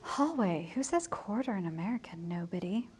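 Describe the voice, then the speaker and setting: A woman's voice: mid-range voice, animated, moderate pace, darkish tone, breathy edge. A woman teacher giving a casual, chatty plot summary to her students, correcting herself as she goes and lightly acting out the lines. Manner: chatty, self-correcting, acts out quotes lightly. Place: school building at lunchtime.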